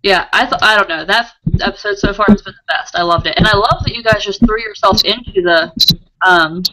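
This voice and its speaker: A woman interviewing guests in a casual, upbeat, chatty way, quick to agree with what they say. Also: medium pitch, animated, sharp tone, poor audio.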